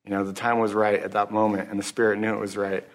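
A man giving an earnest, halting personal testimony at a recovery meeting, closing in prayer. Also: fairly low pitch, little pitch movement. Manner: halting, earnest, restarts often; religious, closes in prayer. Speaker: speaker sharing at a recovery meeting.

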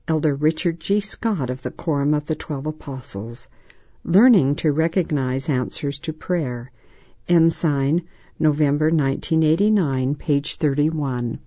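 A woman reading a children's story aloud in a measured, gentle scripted narration. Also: sits low, dry recording. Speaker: reader. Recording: dull, dry lo-fi recording.

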